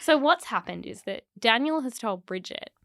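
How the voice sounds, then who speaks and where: A woman's voice: on the high side, animated, moderate pace, creaky, pushed and bright, no room sound, studio quality. Sarcastic, playful woman co-host. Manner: sarcastic, playful, puts on voices. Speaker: podcast co-host. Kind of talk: casual chat.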